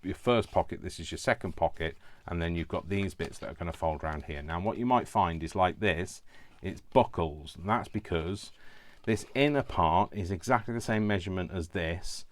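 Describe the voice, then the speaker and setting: Man host, very deep voice, casual rambling crafting walkthrough at home. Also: moderate pace, hardly any pauses. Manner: chatty, rambling asides, self-correcting. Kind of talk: casual step-by-step tutorial.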